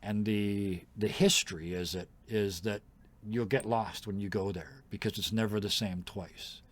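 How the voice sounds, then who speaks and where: A man with a fairly low voice runs a tabletop game, describing the world to his players. He narrates casually, with fillers and the odd laugh. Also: unhurried. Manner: relaxed storytelling with fillers and laughs. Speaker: game master.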